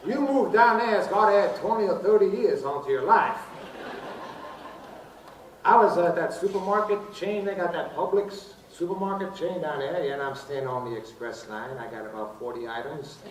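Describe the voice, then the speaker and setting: A man's voice: fairly high pitch, normal speed. A man impersonating a famous crooner on a casino stage, telling jokes between songs in a lazy, easygoing crooner patter. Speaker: tribute performer doing a famous crooner. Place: casino showroom stage with live audience. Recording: roomy live showroom, distant, audience and noise.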